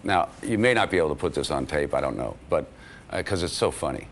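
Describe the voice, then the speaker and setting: A man's voice: a bass voice, fast, slight background noise. A man recounting an anecdote from a film shoot in an interview. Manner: storytelling, animated. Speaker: actor interviewee.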